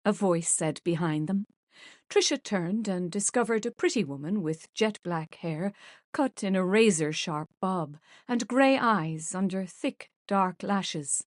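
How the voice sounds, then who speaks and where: A woman narrating a romance audiobook in measured, even storytelling. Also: lowish voice, dry recording, clean studio sound. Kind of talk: scripted narration.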